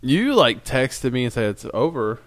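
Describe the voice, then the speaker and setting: A man chats casually with a friend, voicing cynical opinions. He rambles and often restarts his sentences, with a mid-range pitch. The recording is close and dry. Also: sing-song, moderate pace, no room sound. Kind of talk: casual chat about wrestling.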